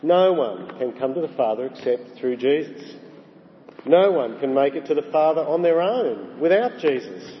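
Preacher in an echoing hall. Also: male voice, a little high, big pitch swings, a little hiss or hum. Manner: emphatic, rising on key phrases, slowing for weight. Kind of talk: sermon. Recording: dull sound with long hall reverb.

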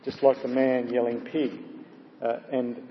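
A man's voice: a little high, normal speed, slight background noise. A man preaching a sermon in a conversational, storytelling way, with frequent filler sounds. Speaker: pastor. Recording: echoey hall, dull lo-fi sound.

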